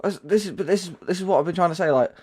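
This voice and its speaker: A man's voice: high-pitched, rapid-fire, a little mellow, husky. A man hosting his own livestream, chatting casually about a game and rambling with lots of fillers and restarts. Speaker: livestream host. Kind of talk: casual gaming chat.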